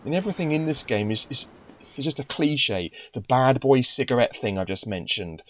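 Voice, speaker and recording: A man's voice: medium pitch, lively intonation, normal speed. A man giving casual gameplay commentary, grumbling and sarcastic, with stumbling restarts. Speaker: let's play commentator.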